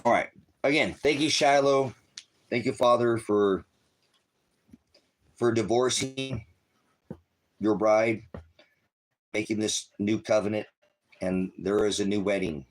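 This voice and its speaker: Deep-voiced man rambling on a live stream. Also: fairly even intonation, takes it slowly, pauses often. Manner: rambling, talks fondly to his dogs. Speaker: online preacher and live streamer. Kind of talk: casual live-stream talk. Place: at home with dogs. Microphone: phone.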